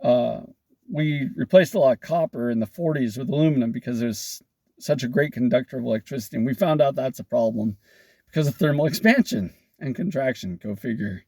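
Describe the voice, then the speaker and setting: Gravelly sarcastic man explaining welding. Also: medium pitch, lively intonation, brisk, mellow, dry recording. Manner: sarcastic, wry joking asides. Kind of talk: casual explanatory talk.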